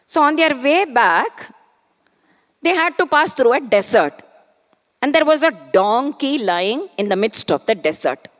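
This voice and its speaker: Lady giving a spiritual talk, acts out little dialogues, chants slow verses, higher voice, echoey hall. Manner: animated, acts out questions and answers, chants Sanskrit verses slowly. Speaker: spiritual speaker. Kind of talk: devotional discourse. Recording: long hall reverb.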